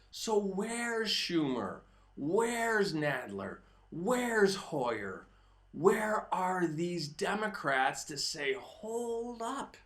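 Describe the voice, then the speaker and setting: Man, political commentary host, emphatic, raised voice at times, echoey room. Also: high-pitched. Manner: emphatic, sometimes shouting. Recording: roomy echo.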